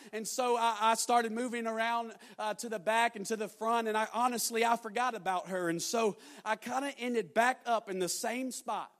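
A young man preaching a sermon, telling a story and building to loud, emphatic exhortation. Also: very high-pitched.

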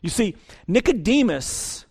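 Man preaching, high voice, conversational, repeats words, sermon. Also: big pitch swings, a little slow, vocal fry, darkish tone, slightly rough. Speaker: pastor.

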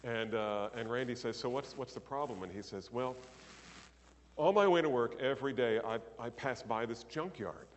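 A man preaching, telling an anecdote in animated storytelling style and acting out the characters' lines. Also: medium pitch, moderate pace, in a large hall. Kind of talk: sermon storytelling.

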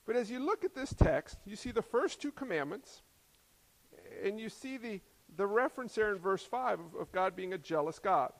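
A man's voice: high voice, expressive, normal speed, long reverb tail. A man preaching a sermon as the pastor, talking conversationally and dropping in humorous asides.

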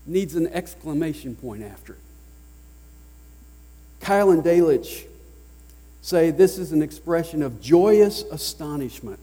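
A man with a Southern US accent preaching a sermon as pastor, emphatic, swinging between loud declarations and hushed lines. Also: fairly high pitch, expressive, a little slow. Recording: long reverb of a large hall.

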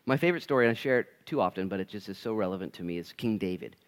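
Animated pastor preaching to his church. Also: lowish voice, rapid-fire, clear, resonant tone. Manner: animated, acts out voices in quotes; conversational, jokey with the congregation. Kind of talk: sermon.

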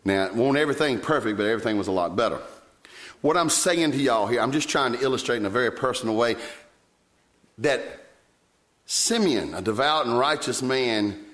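Pastor, man, thirties, mid-pitched voice, storytelling sermon that jumps high when he acts out his own lines. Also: a little fast. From Virginia, US. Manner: animated storytelling, sudden leaps in pitch when quoting himself.

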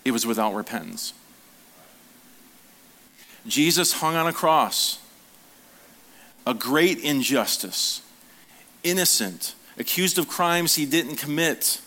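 A man's voice: fairly high pitch, animated, slow pace, long pauses, sharp tone. A man preaching a sermon as a pastor, talking casually with the congregation, asking them questions and briefly acting out the voices of the people he quotes.

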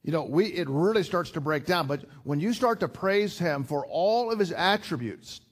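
A man's voice: on the high side, lively intonation, moderate pace. An older man preaching a sermon in an earnest, conversational way. He repeats himself often and builds to emphatic rises. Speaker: pastor.

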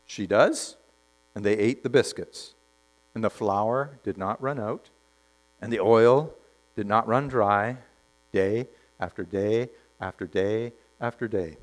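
Animated male preacher. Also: medium pitch, unhurried. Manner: animated storytelling, acts out characters, drops to quiet emphasis. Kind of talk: sermon.

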